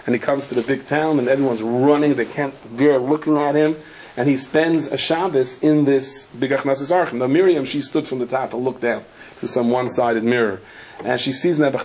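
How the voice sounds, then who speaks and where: A rabbi telling a lively story in a sermon, acting out the characters' lines. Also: male voice, mid-range voice, fast, slight background noise.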